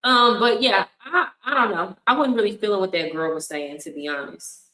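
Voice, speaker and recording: A woman hosts a livestream with a bright, forceful voice. She talks bluntly and frankly, laughing often as she reacts. The sound carries an echoey room around her. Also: mid-range voice, normal speed. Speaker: livestream host. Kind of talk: casual reaction commentary. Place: home in Colombia.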